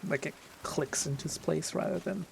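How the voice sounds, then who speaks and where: A host talking casually over gameplay, chatty and amused, with quick asides. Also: mid-range voice, creaky, slight background noise. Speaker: let's play host.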